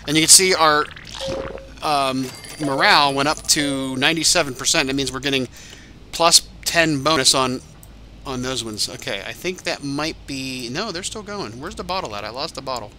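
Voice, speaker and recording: Man, let's-play host, rambling casual commentary, tired, bright sharp voice, faint music underneath. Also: a little high. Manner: rambling and chatty, swears casually. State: tired, yawning. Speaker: game channel host.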